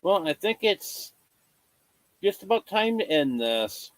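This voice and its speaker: A man's voice: high voice, very animated, slow, no echo. A man hosting a late-night livestream, talking in an easygoing, plain way. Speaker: livestream host. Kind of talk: casual late-night chat.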